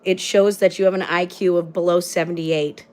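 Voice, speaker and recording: A woman's voice: fairly low pitch, little pitch movement, normal speed, darkish tone, clear, resonant tone. A woman hosting her own livestream, delivering an angry, blunt and profane rant full of repeated rhetorical phrases. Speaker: livestream host.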